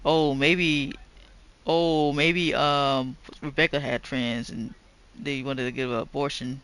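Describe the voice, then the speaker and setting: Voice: mid-range voice, level tone, slow, a bit bright, clean tone, poor audio. A gamer giving casual commentary during a playthrough, speculating aloud about the story. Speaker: let's play gamer. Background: faint game music.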